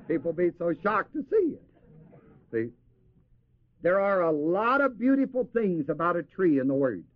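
Lively, high-voiced male preacher, tinny tape. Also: unhurried, long pauses. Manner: asks the audience to finish verses; chuckles often. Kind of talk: sermon.

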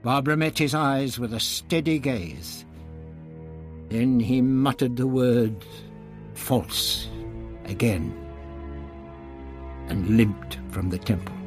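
A man reading a novel aloud in measured scripted narration. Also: mid-range voice. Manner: measured storytelling. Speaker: audiobook narrator.

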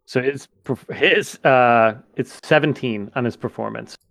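A man's voice: medium pitch, unhurried, gravelly, a bit bright, no room sound. A man playing a tabletop game, casually describing what his character does. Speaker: player.

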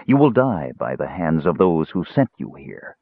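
A man reading an audiobook and voicing a cold, sinister, frail young male mage who speaks calmly and grimly. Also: extremely low pitch, breathy edge, heavily acted. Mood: cold, measured. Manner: calm, grim and measured. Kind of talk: audiobook character voice. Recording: tinny phone-like audio.

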